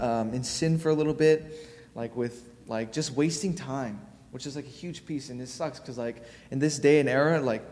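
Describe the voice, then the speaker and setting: A man's voice: mid-range voice, darkish tone. A young man giving a casual youth sermon, informal and full of fillers as he tells a personal story. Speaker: youth preacher. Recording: long hall reverb.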